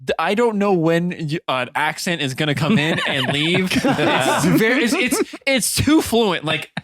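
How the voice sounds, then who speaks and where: A man joking around as a player in a tabletop game session, with restarts and quick laughs. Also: high-pitched, big pitch swings, a bit bright.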